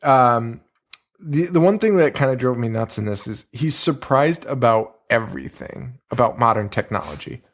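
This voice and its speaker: A man's voice: mid-range voice, moderate pace. A man co-hosting a podcast, chatting casually about a movie, swearing freely and acting out scenes. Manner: animated, swears freely, acts out scenes with silly voices. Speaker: podcast co-host. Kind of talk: casual movie review chat.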